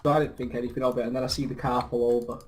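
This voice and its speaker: A man's voice: mid-range voice, flat delivery, very fast, slight background noise. A young English man in laddish game chat with a middling voice, telling boastful stories. Faint keyboard clicks and typing sit behind him. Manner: laddish, boastful storytelling with laughs. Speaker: co-host. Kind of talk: casual chat over gameplay.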